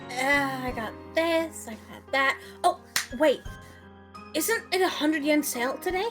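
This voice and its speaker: A woman's voice: high-pitched, unhurried, a bit bright, faint music behind. A woman voicing a distracted young woman out shopping, muttering to herself as she goes. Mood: absent-minded.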